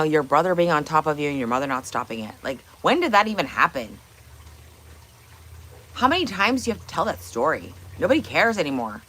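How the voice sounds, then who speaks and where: A woman's voice: deep voice, fairly bright tone. A woman hosting a casual livestream from her kitchen, blunt and opinionated, swearing and firing off rhetorical questions. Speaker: livestream host. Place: home kitchen.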